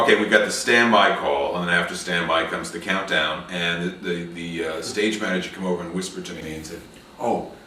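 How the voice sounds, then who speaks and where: A man's voice: sits low, pushed and bright, distant mic. A middle-aged man in a casual interview, rambling with many fillers and restarts. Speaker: interview guest, actor and acting coach. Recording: echoey room, voice from off mic, faint noise.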